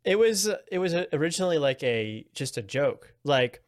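A laid-back man chatting casually with a wry edge. His voice sits a little high for a man. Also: big pitch swings, normal speed. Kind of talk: casual chat.

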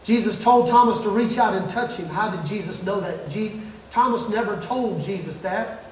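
Very high-voiced preacher in an echoing church. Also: male voice, moderate pace, a little hiss or hum. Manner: shouting and dropping to near whispers, playful asides. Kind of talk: sermon. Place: church sanctuary. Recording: very echoey room, mic at a distance.

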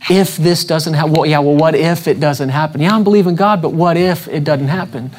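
A man's voice: on the high side, a little fast, a little mellow. A man preaching a sermon, repeating questions to his congregation with emphatic restarts.

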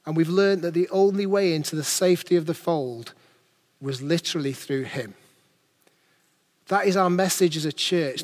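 A man's voice: a little high, long reverb tail. A man preaching a sermon as pastor, earnest and building his points through rhetorical questions.

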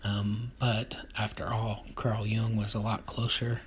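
A man reading a text on leadership aloud, then commenting on it in a hesitant, measured way. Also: lowish voice, flat delivery, slight background noise.

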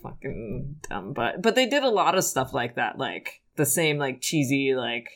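A woman's voice: very deep voice, lively intonation, a little slow. A woman co-hosting a casual movie review podcast, chatty and enthusiastic, steering the conversation with questions and box office figures. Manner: chatty, enthusiastic, leads the segments. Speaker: podcast co-host.

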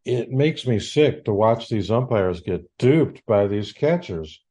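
A man's voice: on the low side, animated, takes it slowly, dark tone. A man hosting his own show, delivering a rambling, sarcastic rant as sports commentary. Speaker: podcast host.

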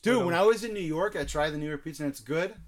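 A man's voice: a little high, fast talker. A man from Chicago ranting in a fired-up, profanity-heavy comedy bit. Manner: fired-up, swears constantly.

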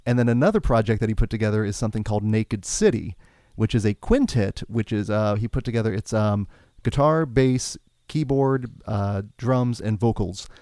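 A man's voice: lowish voice, moderate pace, mellow, no room sound, clean studio sound. A man co-hosting a podcast, talking casually and enthusiastically about music, rambling with frequent restarts. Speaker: podcast co-host.

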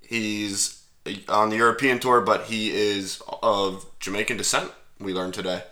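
Young guy cohosting a sports podcast, super bright sharp voice, jokey and rambly. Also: fairly low pitch, fairly even intonation, unhurried. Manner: joking, rambling with fillers. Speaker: podcast co-host. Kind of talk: casual sports chat.

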